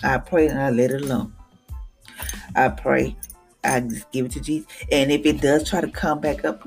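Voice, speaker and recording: A woman's voice: rumbling low, flat delivery, normal speed, creaky, faint music behind. A woman hosting a devotional podcast, speaking in a casual, emphatic way and acting out what she said to others.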